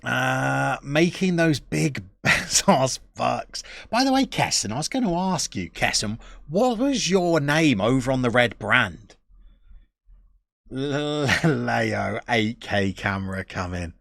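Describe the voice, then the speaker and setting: A man with a gravelly, creaky voice chats his way through a live game stream at an unhurried pace. His pitch swings around a lot as he reads out viewer messages, and he comes across as chatty and self-deprecating. The sound is close and dry. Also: sing-song, a bit bright, dry recording. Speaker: Football Manager streamer.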